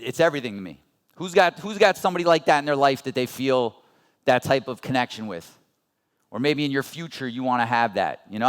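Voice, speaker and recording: At a business seminar, a motivational speaker in his thirties talks in a clear, resonant mid-range voice. He stays earnest and conversational, directing rhetorical questions at his listeners.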